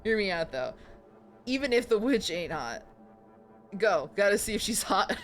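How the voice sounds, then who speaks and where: A woman's voice: medium pitch, big pitch swings, normal speed, pauses often, a bit bright, faint music behind. A young woman streaming a horror game, chatting playfully and joking with her viewers. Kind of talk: casual live game commentary.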